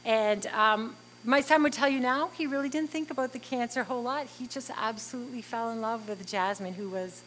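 A woman's voice: on the high side, a little fast, few pauses, fairly bright tone, slight background noise, poor audio. A middle-aged woman telling a personal faith testimony in an earnest, heartfelt way, acting out bits of dialogue as she goes. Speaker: speaker sharing a faith testimony.

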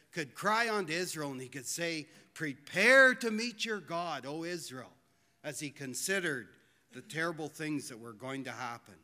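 A man preaching a sermon in a church, earnest and pleading, slowing down to stress his points. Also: a little high, sharp tone. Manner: earnest, pleading, slows for emphasis. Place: church hall. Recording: long hall reverb.

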